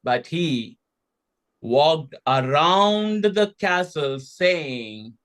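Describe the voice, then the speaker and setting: A man from India, telling a folktale slowly and expressively with dramatic pauses. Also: high-pitched, big pitch swings, fairly bright tone. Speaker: storyteller.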